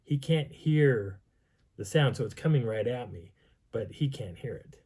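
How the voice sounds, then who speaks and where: A man telling a personal outdoor story in an animated way, acting out sounds and voices. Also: mid-range voice, moderate pace, heavy background noise. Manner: lively, acts out sounds and dialogue. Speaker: vlogger telling a field story.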